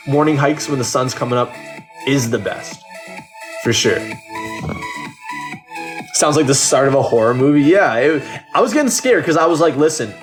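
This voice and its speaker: Swearing Canadian man chatting on a livestream. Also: on the high side. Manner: loose, profane, rambling with many restarts. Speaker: livestreamer reading chat. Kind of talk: casual live-stream chat.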